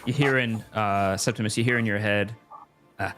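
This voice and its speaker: A man's voice: fairly low pitch, fairly even intonation, normal speed, fairly bright tone, faint music behind. A man running a tabletop game as game master, hesitant and laughing often. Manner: hesitant, laughing, full of fillers.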